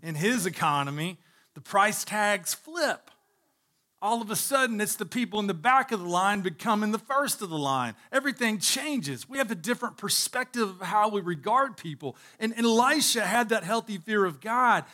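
A man's voice: high voice, animated, moderate pace, sharp tone. A man preaching a sermon to his congregation as pastor, speaking emphatically, repeating phrases for stress, and addressing listeners directly.

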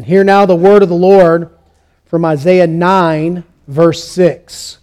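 Male pastor, higher voice, sermon delivery with lively storytelling. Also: slow pace. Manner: storytelling preacher, rising to animated peaks.

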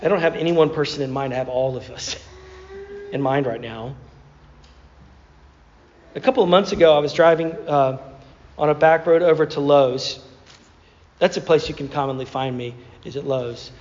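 A man's voice: on the high side, moderate pace, pauses often, a little mellow, slight background noise. A man preaching a sermon as a pastor, telling stories in a conversational way with repeated words. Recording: muffled sound with long hall reverb.

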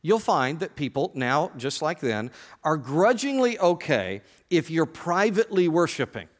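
Man, pastor, sermon, joking asides, direct address, higher-pitched voice. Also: very animated, a little slow, big-room sound.

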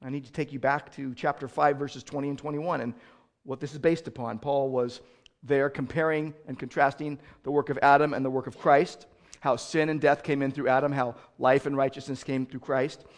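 A man preaching a sermon as pastor, swinging from loud outrage to quiet explanation. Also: medium pitch, steady tone, moderate pace.

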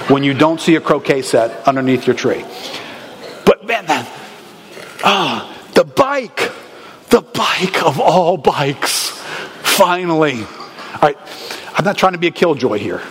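A man preaching a sermon in a lively, conversational way, with bursts of excitement. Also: mid-range voice, slight background noise. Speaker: pastor. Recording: reverberant hall with faint ambience.

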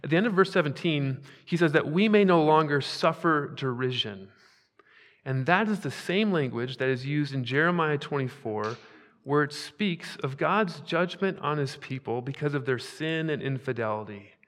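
Male pastor, slightly higher voice, emphatic sermon delivery, long hall reverb. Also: expressive, moderate pace. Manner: emphatic preaching, swings between hushed and loud.

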